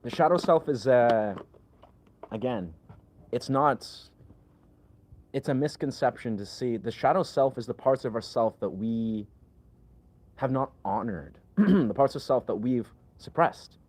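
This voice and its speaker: A man's voice: mid-range voice, darkish tone. A man chatting casually on a livestream, rambling, full of filler words, and replying to his chat. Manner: rambling, leans heavily on filler "like".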